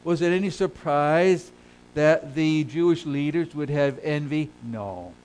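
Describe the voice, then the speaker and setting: A male pastor preaching a sermon, swelling loud and high on key phrases and then sinking low and quiet. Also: unhurried, smooth, low-quality recording. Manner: preaches with big swells in pitch and volume, then drops low.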